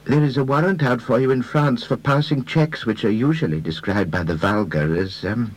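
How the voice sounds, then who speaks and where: A man doing a mild, husky middle-aged detective. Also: mid-range voice, voice pushed up, natural voice, rough recording. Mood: gently stern. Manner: gentle, deliberate, precise phrasing. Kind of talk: audiobook character voice.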